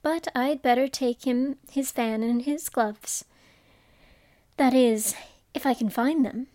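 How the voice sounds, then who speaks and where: A woman's voice: sits high, slow pace, mellow, no room sound, clean studio sound. A woman voicing Alice, an earnest, curious young girl talking to herself in a storybook reading. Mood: musing.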